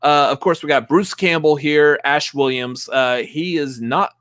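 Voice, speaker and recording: A man's voice: fairly high pitch, unhurried, fairly bright tone, dry recording. Man, movie stream co-host, casual chat, fillers, dry close sound. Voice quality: chatty, filler-heavy, laughs often.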